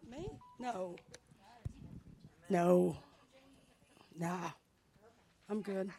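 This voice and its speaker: A woman's voice: fairly low pitch, very slow, dark tone, a little hiss or hum. A woman leading a church service, talking in a chatty, anecdotal way about her family's news and rising into fervent prayer in a sanctuary. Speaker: church leader. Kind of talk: conversational sermon with testimony.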